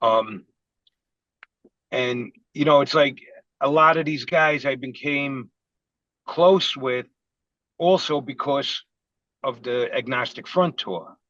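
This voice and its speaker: A man's voice: medium pitch, slow pace, pauses often, fairly bright tone, no echo. A man from Queens, a podcast guest telling rambling, profane anecdotes in casual chat. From Queens, New York. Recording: dull, dry lo-fi sound.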